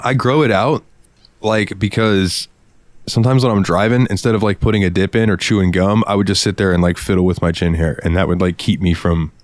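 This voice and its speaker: Young guy from florida telling a story on a podcast, low voice, swears a lot, super dry sound. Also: brisk, no room sound. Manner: animated, swears freely, acts out quotes. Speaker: podcast co-host. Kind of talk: casual storytelling.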